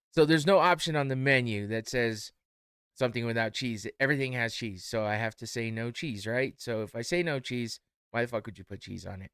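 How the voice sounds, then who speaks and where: A tired young man casually telling a story as a podcast host, animated and laughing as he acts out both sides of the exchange. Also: medium pitch, normal speed, clean tone, no room sound, clean studio sound.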